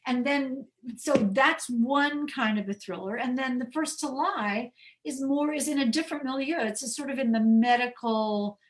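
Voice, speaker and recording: A woman's voice: high-pitched, normal speed, rough recording. Chatty woman author on a video call. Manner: chatty, animated, restarts phrases. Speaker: author guest. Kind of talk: virtual author talk answering questions.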